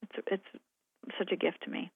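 Unhurried and reflective, a female novelist discusses her work with some hesitation, then reads a passage from her novel. There's no echo, and the audio has a phone-like radio quality.

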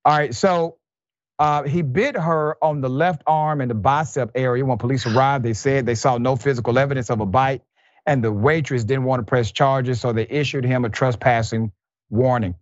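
A man's voice: medium pitch, fairly even intonation, normal speed, dry recording. A man hosting a news commentary show, reading reports aloud and breaking into exasperated asides. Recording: dull, muffled, lo-fi sound.

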